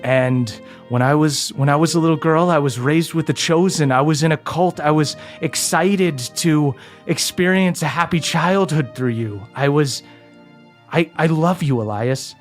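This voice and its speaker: Man voicing a ghostly cursed mother, tender and regretful, halting delivery. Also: fairly high pitch, faint music behind, natural voice. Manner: slow, halting, with broken restarts.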